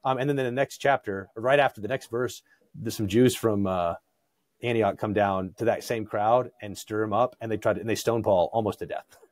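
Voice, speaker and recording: A man talking as a podcast guest in a conversational theological discussion, animated, acting out quoted voices with frequent restarts. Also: lowish voice, brisk, no room sound.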